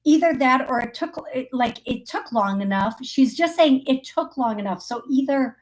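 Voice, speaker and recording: A woman's voice: high voice, expressive, moderate pace. A woman hosting a live psychic call-in show, chatting through readings with frequent laughs and fillers. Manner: chatty, laughs often, thinks aloud with fillers. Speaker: psychic medium host.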